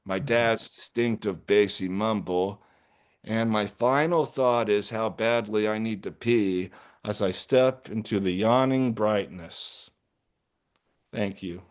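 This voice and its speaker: A man reading his own short story aloud in a measured, deliberate way. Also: on the low side. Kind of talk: literary reading.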